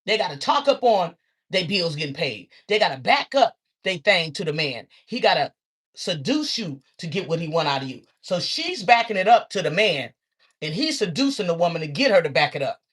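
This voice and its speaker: A woman's voice: moderate pace, breathy edge. A woman talking casually to her viewers, telling stories animatedly and acting out quotes. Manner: animated storytelling, acts out quotes with sudden high squeals. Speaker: social media talker.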